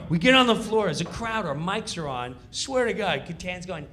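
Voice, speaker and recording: A man telling a stand-up comedy story in an animated, punchy way, acting out the scenes. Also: high voice, unhurried, a little hiss or hum.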